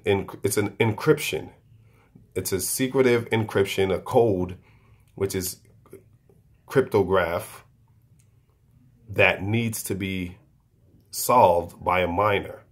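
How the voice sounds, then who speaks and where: A man with a very low voice explaining a topic off the cuff. He speaks haltingly, breaking off mid-word, restarting and repeating himself as he works toward his point. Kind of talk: unscripted explanation.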